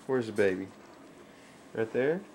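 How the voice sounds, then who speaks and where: A man at home gently asking his toddler simple questions again and again, in playful talk. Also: lowish voice, lively intonation, a little slow, heavy background noise. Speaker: father talking to his toddler.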